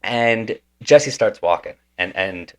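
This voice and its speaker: A man's voice: lowish voice, slow. A man hosting a podcast, telling a story in a casual, slangy way and calling people "dude" and "man". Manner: laid-back and slangy, says "dude" and "man". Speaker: podcast host. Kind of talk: casual conversation, animated storytelling.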